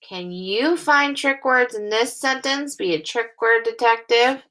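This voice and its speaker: A woman teacher giving a recorded phonics lesson for young children, reading sentences aloud slowly and clearly in phrases. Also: on the high side, a bit bright.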